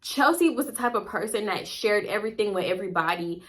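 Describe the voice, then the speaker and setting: Brief: young woman vlogger, bright and forceful tone, blunt, profane storytime delivery. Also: medium pitch, animated, quick pace. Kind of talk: casual storytime.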